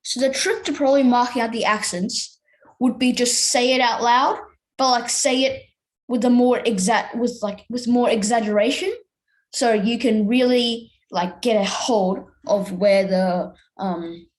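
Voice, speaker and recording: A woman's voice: on the high side, measured pace, rough recording. A young woman teaching a music theory lesson in a casual, hesitant way, with many fillers and restarts.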